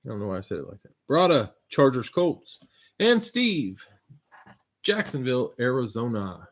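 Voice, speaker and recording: A man hosting a live stream, steadily reading out viewer names and teams with relaxed asides. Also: mid-range voice, moderate pace. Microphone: computer mic on a live stream.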